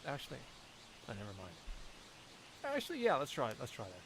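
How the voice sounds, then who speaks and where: A man's voice: medium pitch, wildly swooping pitch, brisk, creaky, a bit bright, a little hiss or hum. A man, a voice actor, reading a visual novel aloud with casual, wry asides. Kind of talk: game playthrough reading and commentary.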